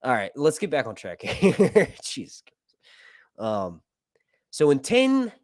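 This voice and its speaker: A man's voice: fairly low pitch, expressive, measured pace, no room sound, clean studio sound. A man giving casual, profane movie commentary, rambling between jokes and reading passages aloud. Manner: profane, rambling, jokey asides. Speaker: film reviewer.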